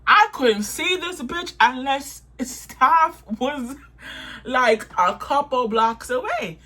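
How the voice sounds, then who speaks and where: Bright-voiced young woman venting a story. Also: sits high, lively intonation, slow pace. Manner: heated, profane, repetitive venting. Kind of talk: casual storytime vlog.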